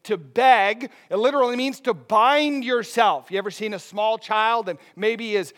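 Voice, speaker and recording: A man preaching a sermon, his delivery dropping soft and then rising loud. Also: high voice, normal speed. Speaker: pastor.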